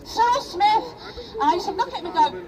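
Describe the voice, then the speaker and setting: Middle-aged english woman, really high voice, fired up protest speech, mic far off, crowd around. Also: animated, a little fast. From England (Rochdale). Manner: emotional, rallying, keeps asking the crowd "yeah?". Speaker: protest speaker. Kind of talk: impassioned public speech. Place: outdoor street protest. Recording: distant outdoor crowd recording.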